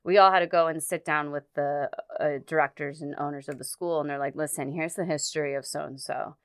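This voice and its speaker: A woman with a low, smooth voice tells a story in relaxed conversation. She stops and restarts often and fills her pauses with "like" and "um". The sound is close and dry, with no room around it. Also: dry recording. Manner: halting, many fillers and restarts. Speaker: guest recounting a personal story.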